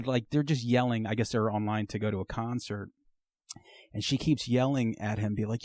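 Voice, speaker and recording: A man's voice: mid-range voice, normal speed, no echo. A man hosting a podcast over the phone from home, telling stories with lots of swearing and laughter. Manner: animated storyteller, swears freely, laughs mid-sentence. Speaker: podcast host. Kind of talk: casual phone conversation. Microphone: phone call.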